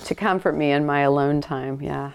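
A woman's voice: low-pitched, normal speed, vocal fry, clear, resonant tone. A woman co-hosting a podcast, talking casually and chatting with frequent agreeing murmurs. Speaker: podcast co-host. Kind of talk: casual conversation.

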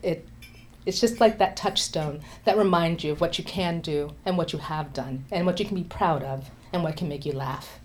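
A woman telling a personal travel story in an animated way, acting out voices and laughing along. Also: low-pitched, normal speed, noisy background. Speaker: storyteller sharing a travel memory.

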